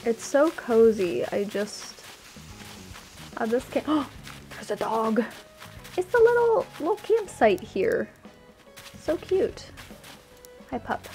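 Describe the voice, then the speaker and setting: A woman's voice: on the high side, expressive, slow pace, long pauses, darkish tone, faint music behind. A woman giving casual, gushing commentary while she tours a game island, easily delighted and chatty. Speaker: streamer touring a game island.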